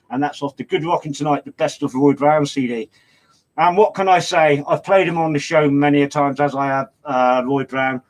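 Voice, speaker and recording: An older man presenting a radio show, chatting casually and rambling as he reads out track details and shout-outs. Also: on the high side, rough recording.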